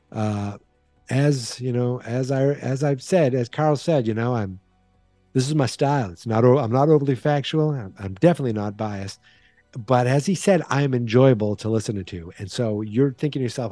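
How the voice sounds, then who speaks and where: A man's voice: medium pitch, moderate pace, warm tone, no echo, soft background music. A man with a Boston accent hosting a solo podcast in a rambling, playful, self-deprecating way. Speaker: podcast host. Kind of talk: casual solo podcast chat.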